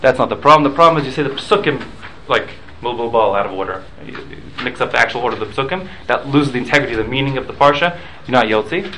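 A man's voice: mid-range voice, expressive, fast talker, few pauses, sharp tone, a little hiss or hum, low-quality recording. A man teaching a Talmud class, explaining rules with examples and often repeating and restarting his words.

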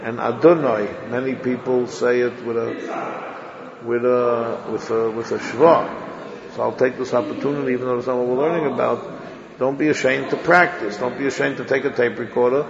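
A man giving a religious lecture to a class, sounding out Hebrew words slowly and repeating them to show how they should be said. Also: mid-range voice, fairly even intonation, crowd noise. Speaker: religious teacher. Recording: lo-fi echoey hall recording.

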